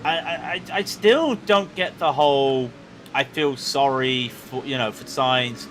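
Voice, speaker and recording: A man commentating on a sim racing stream, chatty and excitable with quick asides. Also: mid-range voice, a little hiss or hum. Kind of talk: live race commentary chat.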